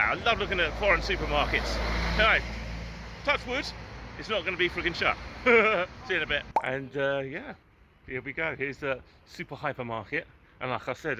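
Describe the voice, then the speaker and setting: English bloke vlogging on the go, bit high voice, grumbly and chatty, loud traffic behind. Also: male voice. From England. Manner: chatty, grumbling, mild swearing, frequent chuckles. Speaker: travel vlogger. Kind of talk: casual walking vlog. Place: city streets outdoors. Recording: loud street and traffic noise.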